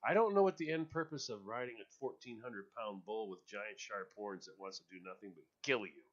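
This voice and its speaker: A man's voice: fairly low pitch, brisk. Male radio host, casual chatty delivery, laughs a lot, repeats words; muffled lo-fi audio. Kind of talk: casual chat.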